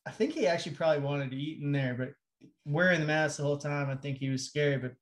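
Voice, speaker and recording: A man's voice: fairly high pitch, quick pace. A man co-hosting a podcast in casual, loose chat, swearing often and rambling with restarts. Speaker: podcast co-host.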